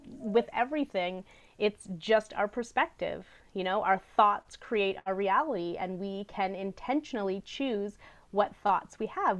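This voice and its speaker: A woman speaks in an unhurried, reflective conversational style. She is earnest and thoughtful and sometimes stops mid-thought to search for a word. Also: medium pitch. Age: adult parent. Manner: earnest, gently searching for words, with soft laughs. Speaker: podcast co-host.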